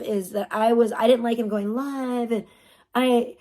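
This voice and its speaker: Woman livestreamer, blunt and cussing, slightly high mellow voice, reacting to drama. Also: steady tone, a little slow. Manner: blunt, profane, mocking. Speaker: streamer reacting to clips. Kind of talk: casual livestream commentary.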